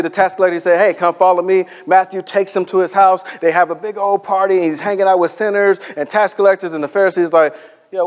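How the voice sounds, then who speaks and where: A man delivers a sermon in a storytelling way, leaning hard on key lines and then falling almost to a whisper. His voice sits a little high for a man. The sound rings with the long reverb of a large hall. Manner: storytelling, emphatic, drops to near-whispers for effect. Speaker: preacher.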